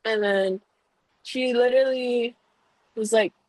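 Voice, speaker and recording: A woman's voice: fairly high pitch, fairly even intonation, slow, a little mellow, no echo, poor audio. A young woman, a baker and business owner, telling a heartfelt personal story on a podcast, full of "like" fillers. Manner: emotional, heartfelt, lots of "like" fillers.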